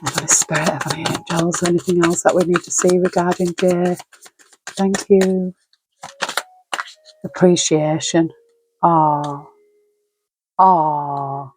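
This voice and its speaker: A woman's voice: on the low side, steady tone, slow, pauses often, noisy background. A woman in middle age giving a solo tarot reading at home, musing aloud, naming card words and sighing often. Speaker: tarot reader.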